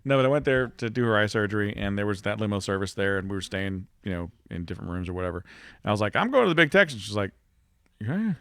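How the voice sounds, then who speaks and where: Male podcast co-host, quick animated storyteller, dry close mic. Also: on the low side, smooth, no echo. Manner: animated storyteller, laughs through his tales. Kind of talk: casual chat.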